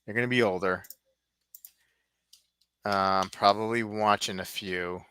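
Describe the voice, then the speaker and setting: A man's voice: on the low side, fairly even intonation, unhurried, bright, forceful tone, slight background noise. A man hosting a casual live stream, rambling and thinking aloud as he browses.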